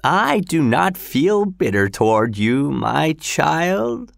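A man voicing a dying old father with a weak, breathy voice, in an audiobook story. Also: on the high side, big pitch swings, takes it slowly, no room sound, studio quality, voice pushed up, heavily acted. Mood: frail, knowing.

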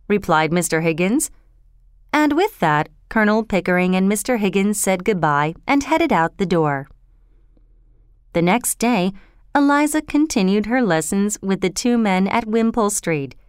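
Woman narrator, storybook reading, expressive, dry close sound. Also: mid-range voice, normal speed, clear, resonant tone, dry recording.

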